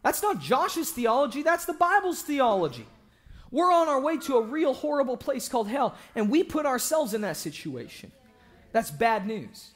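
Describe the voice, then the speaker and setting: A young man preaching an evangelistic sermon in a church, joking with the congregation and breaking into shouts for emphasis. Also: very high-pitched, normal speed. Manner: animated, joking, bursts into shouting.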